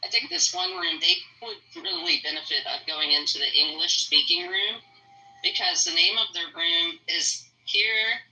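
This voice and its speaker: A woman chatting casually in an online audio room, animated and upbeat. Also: lowish voice, moderate pace, low-quality recording. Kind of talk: casual chat.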